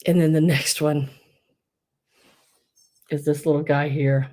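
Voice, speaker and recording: Middle-aged lady doing a live sale stream, chatty and gushy, low-ish mellow voice. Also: flat delivery, takes it slowly. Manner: chatty, gushing, reads out bids. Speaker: live online auction seller.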